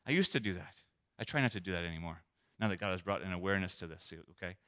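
A man preaching a sermon as a pastor, animated, acting out scenes and asking the listeners questions. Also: low voice, fast talker. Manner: animated, acts out scenes, asks the audience questions.

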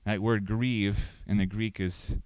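A man's voice: lowish voice, flat delivery, takes it slowly, a little mellow, clean tone, no echo, rough recording. Guy pastor preaching, asks the room questions, pushes up for emphasis, dry close sound. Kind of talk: sermon.

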